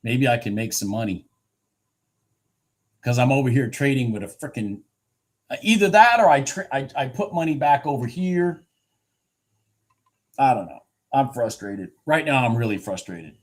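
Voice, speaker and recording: Man in mid-pitch range, live trading streamer, annoyed and self-mocking, talks to himself and chat. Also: animated, moderate pace, long pauses. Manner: frustrated, swearing, talking to himself and chat; laughs at himself, repeats phrases. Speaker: livestream futures trader.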